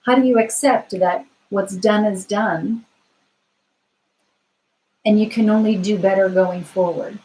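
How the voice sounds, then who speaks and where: A woman gives a live tarot reading in a reassuring, unhurried way. She pauses to think aloud and fills the gaps with soft "ums". Her voice sits at an ordinary middle pitch for a woman. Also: fairly even intonation, low-quality recording. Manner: gentle, reassuring, thinks aloud with frequent fillers. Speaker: tarot card reader. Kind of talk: live-stream card reading, answering viewer questions.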